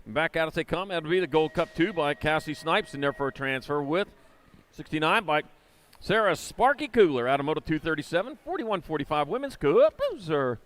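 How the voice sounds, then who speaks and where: Speaking in a slightly high, somewhat bright voice, a man announces live indoor BMX races. He reels off rider names and moto numbers at speed, slipping corny jokes in between heats.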